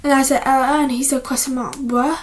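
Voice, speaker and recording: A teenage girl vlogger chats casually at home, her high voice level in tone and brisk, with a faint hiss or hum behind it. She rambles indoors, restarting often and frequently sinking to a whisper.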